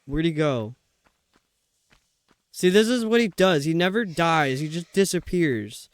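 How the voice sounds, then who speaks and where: A man with a fairly high, smooth and clean voice chats casually through a live game stream. He mutters to himself and complains in an exasperated tone between moves. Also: lively intonation, measured pace. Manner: talks to himself, grumbling and exasperated. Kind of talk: live gameplay commentary.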